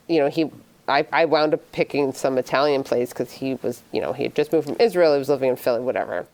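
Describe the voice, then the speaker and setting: Low-voiced woman telling an anecdote. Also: smooth. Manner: low-key, frequent murmured backchannels, relaxed storytelling. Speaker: podcast host. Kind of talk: casual chat and anecdote.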